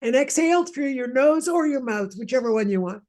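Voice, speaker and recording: A woman's voice: high voice, animated, brisk, a little mellow. A woman from Montreal leading a guided wellness session, chatty and rambling with lots of asides. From Montreal, Canada. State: mild asthma. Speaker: energy healer leading a session.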